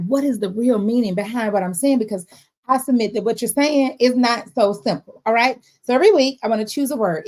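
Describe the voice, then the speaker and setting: A woman speaking in a casual faith-based motivational talk. Her voice sits a little high, and she keeps checking in with her listeners as she goes. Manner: expressive, frequent "all right?" check-ins.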